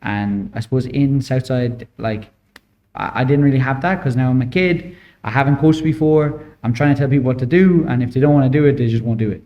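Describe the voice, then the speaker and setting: Mellow-voiced young Irish man. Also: medium pitch, fairly quick, lo-fi sound. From Ireland. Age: 20s. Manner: storytelling, lots of "like" fillers. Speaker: boxing coach, podcast guest. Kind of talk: casual interview chat.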